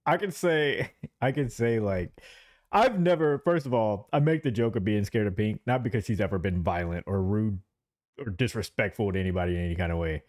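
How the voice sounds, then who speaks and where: A man hosting a casual podcast, telling stories in a relaxed, laughing way. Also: fairly low pitch, fairly quick. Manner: laid-back, animated storytelling with laughs. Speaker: podcast host. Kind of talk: casual chat.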